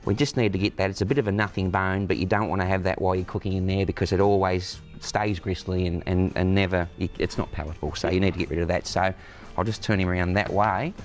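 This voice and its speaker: A man's voice: sits low, fairly even intonation, fast talker, hardly any pauses, faint music behind. A man, a butcher, explaining outdoors step by step how to prepare a cut of meat. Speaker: butcher guest. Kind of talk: cooking demonstration. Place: outdoors in the sun.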